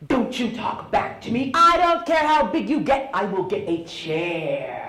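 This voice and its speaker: A storyteller putting on an angry mother, loud shouting threats, voice jumping high and low, roomy echo. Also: very animated, a little slow. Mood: angry threatening. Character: short, furious mother yelling at her tall sons. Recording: roomy echo, faint hall noise.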